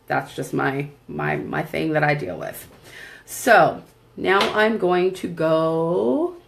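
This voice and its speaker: A woman's voice: fairly low pitch, creaky, a bit bright. A woman at home chatting casually while doing her makeup in front of a camera, rambling and laughing often. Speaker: makeup vlogger and seller. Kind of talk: casual tutorial chat.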